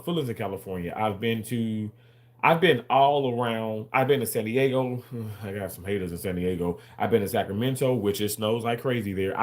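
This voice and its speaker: Chatty man livestreaming to his chat. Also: fairly low pitch. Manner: chatty and rambling, repeats words, argues with the chat. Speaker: livestreamer reading viewer chat. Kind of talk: casual livestream talk.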